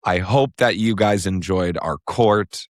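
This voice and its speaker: A man co-hosting a podcast, chatting casually and joking in quick bursts. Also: low-pitched, no room sound, studio quality. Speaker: podcast co-host. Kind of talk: casual chat.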